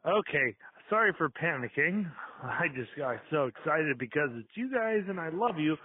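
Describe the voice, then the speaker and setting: A drunk man leaving an excited, rambling voicemail from outdoors, panicking and swearing as he gushes. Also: fairly high pitch, normal speed, slightly rough. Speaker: voicemail caller. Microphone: phone. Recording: tinny phone voicemail.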